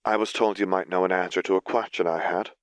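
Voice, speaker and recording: A man reading the lines of a wary, masked young woman mage in a fan fiction audiobook, speaking flatly and bluntly. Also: deep voice, quick pace, no echo, lightly acted. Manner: flat, blunt. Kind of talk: audiobook character voice.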